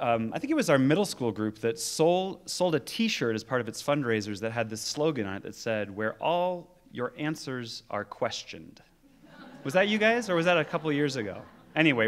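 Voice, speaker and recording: A man's voice: on the high side, a bit bright, slight background noise. A man, a youth minister, giving a church address to young people, earnest and playful as he projects to the crowd. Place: church sanctuary.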